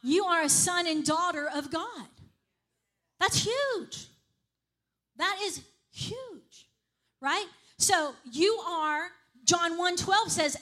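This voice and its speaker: A woman's voice: sits high, fairly bright tone. A woman preaching a sermon in a conversational way, often checking in with the congregation. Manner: conversational, repeats "right?" and "okay?" to the congregation.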